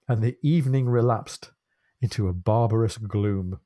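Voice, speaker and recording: Male co-host, animated reader of literary passages, dry mid-pitched voice. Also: moderate pace, no echo. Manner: animated, reads quotes expressively, laughs easily. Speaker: podcast co-host. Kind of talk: book discussion with read-aloud passages.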